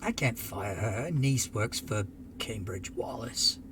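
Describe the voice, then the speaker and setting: A man puts on a surly mining security chief for a tabletop game. He is gruff, put-upon and quick to swear. The voice sits at a plain middle pitch, with faint background noise. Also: lively intonation, close to an everyday voice. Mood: sardonic.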